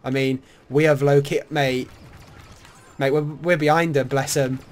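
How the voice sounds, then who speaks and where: A man's voice: mid-range voice, fairly even intonation, a little slow. A young man commentating casually while playing a shooter, swearing freely and bantering with a teammate. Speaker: gamer.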